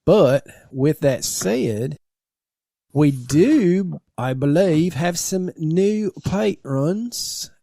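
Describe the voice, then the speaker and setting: A man's voice: fairly high pitch, expressive, very slow, gravelly, dark tone. A man co-hosting a podcast, joking and drawling in casual banter. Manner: joking, drawling Southern talk. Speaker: podcast co-host.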